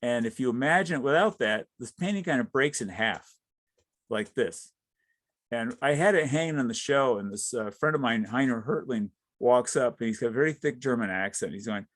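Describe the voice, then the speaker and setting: Halting middle-aged man telling his story. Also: medium pitch, expressive, a bit bright, dry recording. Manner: halting, with many "uh" fillers and wry chuckles. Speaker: wildlife artist giving a talk. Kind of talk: informal artist talk.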